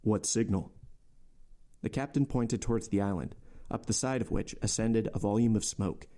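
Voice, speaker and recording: A man narrating a classic novel for his podcast, measured and steady. His voice is fairly low, with a mellow, soft tone. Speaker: podcast host reading a novel aloud. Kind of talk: audiobook narration.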